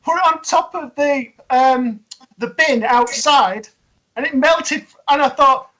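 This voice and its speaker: A woman's voice: high-pitched, slow pace, fairly bright tone, rough recording. A woman telling a funny cooking story in casual chat, eagerly repeating herself to get a word in.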